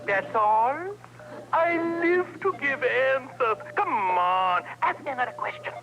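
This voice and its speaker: A man's voice: very high voice, animated, a little slow, vocal fry, lo-fi sound, a crowd in the background, full character voice. An actor playing a wisecracking male ship computer with a German accent, cocky and teasing, in a 1970s TV comedy.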